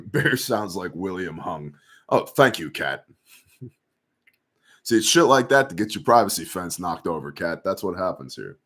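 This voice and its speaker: Low-voiced sarcastic male news host. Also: sing-song, a little slow, pauses often, fairly bright tone. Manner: sarcastic, profane, conspiratorial. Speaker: host of a news commentary show. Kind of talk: casual news commentary.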